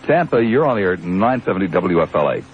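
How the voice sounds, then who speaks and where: A man's voice: low voice, very animated, fast. A man hosting a call-in radio talk show, wry and rambling, teasing callers and his studio audience. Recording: dull AM radio broadcast with faint hiss.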